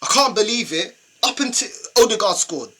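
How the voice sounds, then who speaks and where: Young London man for a fan reaction rant: bright, forceful tone, exasperated and repetitive. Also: high voice, sing-song, moderate pace. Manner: exasperated ranting, slangy and repetitive. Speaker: football fan channel host.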